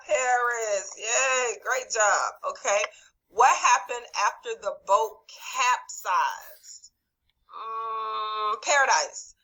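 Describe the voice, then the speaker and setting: A woman's voice: on the high side, bright, forceful tone, low-quality recording. A woman teaching over a video call, reviewing a quiz and calling on students by name in an encouraging way. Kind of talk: online class quiz review.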